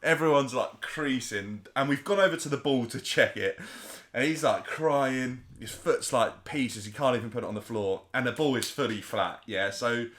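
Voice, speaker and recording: A man, co-hosting a podcast and telling a story in an animated, chatty way. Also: medium pitch, moderate pace. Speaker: podcast co-host. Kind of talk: casual storytelling chat.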